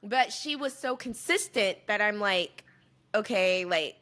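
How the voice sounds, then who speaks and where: A woman co-hosts a podcast with a bright, forward tone that cuts through easily. She talks in easygoing casual chat. She hedges and gropes for words as she works out her thoughts. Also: medium pitch, expressive, measured pace. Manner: hedging, searching for words. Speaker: podcast co-host.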